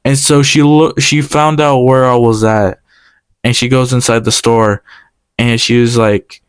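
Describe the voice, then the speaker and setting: Young man telling a story, smooth voice. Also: medium pitch, no room sound. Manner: animated, quoting others in quick exchanges. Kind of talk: casual personal storytelling.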